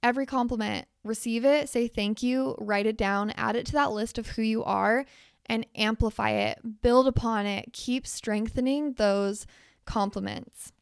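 Raspy young woman giving blunt pep talk. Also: a little high, fairly even intonation, a little slow, dry recording, studio quality. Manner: emphatic, blunt, swears casually. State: hoarse, losing her voice. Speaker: podcast host. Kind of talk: casual motivational talk.

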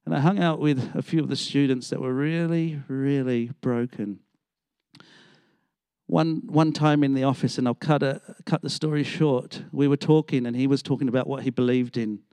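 A man's voice: mid-range voice, fairly even intonation, normal speed, mellow, smooth, no echo. A middle-aged man, preaching a storytelling sermon and acting out the voices of the people in his stories. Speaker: pastor.

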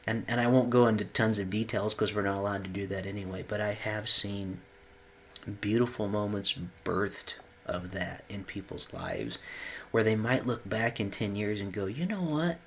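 A man who works as a hospital chaplain, talking earnestly and reflectively in a conversation, pausing often and growing emotional. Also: fairly low pitch, level tone, a little hiss or hum. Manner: earnest, pausing, gets choked up.

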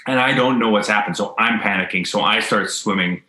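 A man telling a story in casual chat, acting out quotes in a high voice. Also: fairly quick, bright, forceful tone, roomy sound, low-quality recording.

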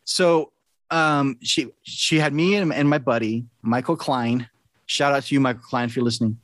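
A man's voice: mid-range voice, normal speed, no echo. Earnest chatty middle-aged man. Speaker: podcast host. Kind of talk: casual podcast chat.

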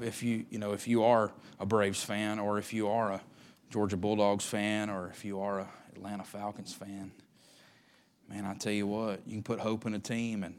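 A pastor preaching a sermon in a folksy, conversational way that builds to impassioned shouting. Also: male voice, on the low side.

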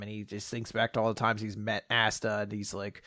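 A man's voice: fairly low pitch, a little fast, hardly any pauses, bright, forceful tone, no room sound, clean studio sound. A young man co-hosting a casual podcast, animatedly retelling a manga chapter and swearing casually. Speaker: podcast co-host.

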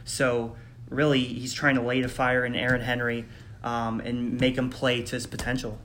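Guy on a sports podcast, calm confident takes, bit of rumble and hiss in the back. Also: normal speed. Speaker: podcast co-host. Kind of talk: casual sports podcast chat.

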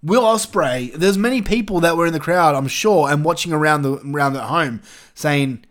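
A man's voice: a little high, moderate pace, a bit bright. A man hosting his own show, giving casual solo commentary in a profane, exasperated, ranting way. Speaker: wrestling review show host.

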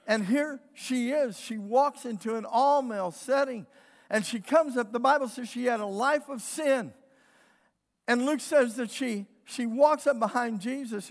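A male pastor preaching a fervent Sunday sermon, often clearing his throat. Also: high-pitched, big-room sound.

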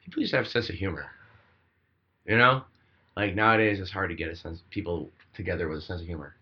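A man's voice: deep voice, fast. A man in casual chat, joking around and swearing casually. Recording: muffled podcast audio with faint room noise.

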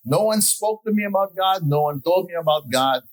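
A man's voice: high voice, expressive, moderate pace, low-quality recording. A man in his sixties giving an earnest, reflective personal testimony in a sermon, with frequent "you know" asides. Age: 60s.

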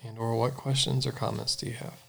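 A man's voice: medium pitch, level tone, fairly quick, creaky. A man leading a Bible study group, prompting members with questions and inviting their thoughts.

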